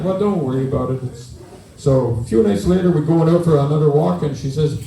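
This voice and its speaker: A man's voice: on the high side, normal speed, gravelly, mellow, distant mic, a little hiss or hum. Newfoundland man telling jokes in a roomy hall. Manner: folksy dialect jokes, chatting with the crowd. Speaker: stand-up comedian. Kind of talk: stand-up storytelling in character. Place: event hall with an audience.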